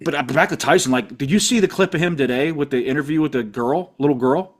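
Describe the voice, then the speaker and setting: A man with a Pittsburgh accent in a casual sports chat, rambling and laughing as he acts out goofy bits. His voice sits a little high for a man. He keeps the talk loose and jokey. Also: fast. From Pittsburgh area. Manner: rambling, laughs often, acts out silly dialogue. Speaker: podcast co-host.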